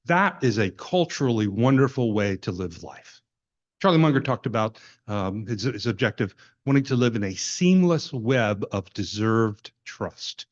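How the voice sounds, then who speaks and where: Man, executive, measured, repeats words, low voice, lo-fi conference audio. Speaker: company executive answering a shareholder. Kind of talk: conference Q&A answer.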